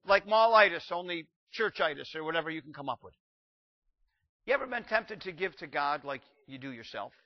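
An older man preaching a sermon, animated, shouting out acted quotes and slowing down to read scripture. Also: fairly high pitch, lo-fi sound.

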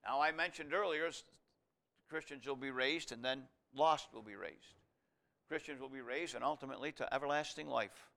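A man preaching a sermon, reading scripture aloud and explaining it verse by verse, rising to loud emphatic passages. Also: mid-range voice, moderate pace, gravelly. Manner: expository Bible teaching, reads scripture aloud, swells loud on key lines.

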